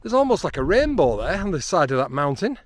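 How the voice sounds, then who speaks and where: A man, chatting excitedly outdoors on a hilltop, with frequent ums. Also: fairly high pitch, fast. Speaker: landscape photographer. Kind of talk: casual vlog narration while hiking.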